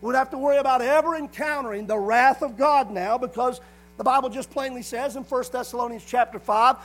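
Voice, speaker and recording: A man preaching a sermon, reading scripture slowly and with emphasis. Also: very high-pitched, fairly bright tone, soft background music, rough recording.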